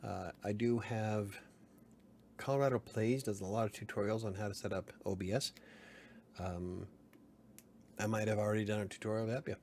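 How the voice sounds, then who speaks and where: A man's voice: on the low side, steady tone, normal speed, long pauses, a little mellow, a little hiss or hum. A man hosting a casual late-night livestream, rambling, chuckling and answering chat comments. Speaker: livestream host.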